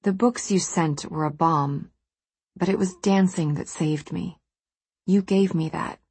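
A woman voicing a wounded, defiant woman confessing quietly, in an audiobook. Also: fairly low pitch, steady tone, unhurried, breathy edge, dry recording, full character voice. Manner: quiet, steely.

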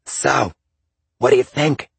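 A robust, sunny woman snapping gum and chattering brightly, voiced by a man. Her voice sits high and lively, recorded close and dry with a husky edge. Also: takes it slowly, no echo, full character voice. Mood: chirpy. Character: brash sunny woman, dad's girlfriend.

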